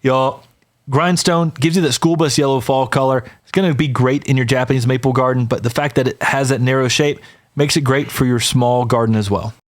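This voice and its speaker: A man's voice: mid-range voice, fairly even intonation, fairly quick. A man co-hosting a podcast, talking casually and with enthusiasm, who says "y'all" to listeners. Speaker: podcast co-host.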